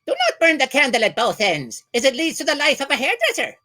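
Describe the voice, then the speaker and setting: Casting: quirky foreign farm boy, high and sing-song, swooping wildly. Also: huge pitch swings, fast, sharp tone, full character voice. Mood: solemn.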